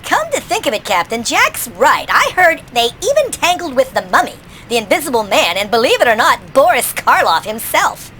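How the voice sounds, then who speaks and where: A woman playing a matter-of-fact crew member who talks in a deadpan, reasoning way. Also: sits high, moderate pace, hardly any pauses, a little hiss or hum, heavily acted.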